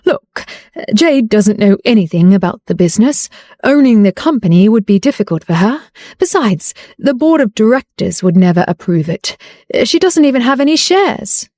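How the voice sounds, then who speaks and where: A nervous, scheming older businessman fumbles through evasive excuses, as a woman narrator puts him on. Her tone stays warm and mellow, with a dry, close sound. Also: medium pitch, big pitch swings, normal speed, no echo, natural voice. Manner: awkward, evasive.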